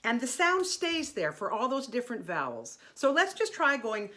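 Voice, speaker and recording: A woman teaching a singing lesson, demonstrating vowels in a lively, encouraging way, sometimes half-singing them. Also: a little high, normal speed.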